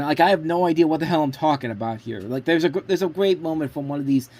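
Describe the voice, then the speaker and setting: A man's voice: a little high, fast talker, few pauses, a little mellow, a little hiss or hum. A man hosting his own sports show, casually talking through football predictions and often stopping to restart or correct himself. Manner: rambling, frequent restarts and self-corrections. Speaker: sports blog host.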